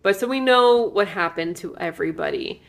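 A woman's voice: mid-range voice, expressive, moderate pace. A woman co-hosting a podcast, emphatically filling in plot details while chatting casually about a movie. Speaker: podcast co-host. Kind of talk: casual movie recap chat.

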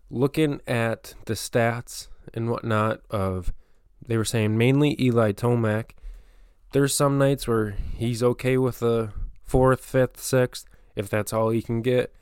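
A man's voice: medium pitch, a little mellow, clear, resonant tone, no room sound, studio quality. A man hosting a motocross channel, talking through a season preview in a casual, rambling way with plenty of fillers and restarts. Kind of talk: casual solo commentary.

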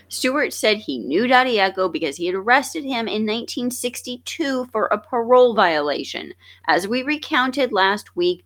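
A woman co-hosting a podcast, reading scripted true-crime narration in a steady, measured way. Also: mid-range voice. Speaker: podcast co-host.

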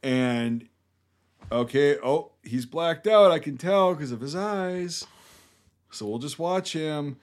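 A man's voice: on the high side, animated, slow pace. A man in his thirties, a veteran co-hosting a podcast, talking in a blunt, profane, rambling way. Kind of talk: casual podcast banter.

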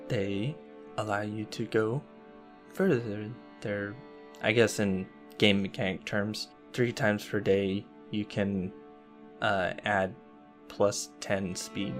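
A man narrating a tabletop game as game master, unhurried and hesitant, with many fillers. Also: lowish voice. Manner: slow, hesitant delivery with fillers.

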